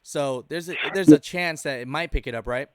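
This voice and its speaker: A man's voice: a little high, fairly quick, clean tone, no room sound, clean studio sound. A man hosting a live trucking call-in show, talking loosely and laughing often. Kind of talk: casual live-stream talk.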